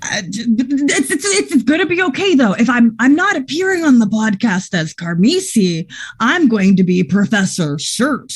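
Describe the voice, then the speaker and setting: A woman playing a tabletop game in character, excitable and tripping over her words. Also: on the high side, moderate pace, husky. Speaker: player.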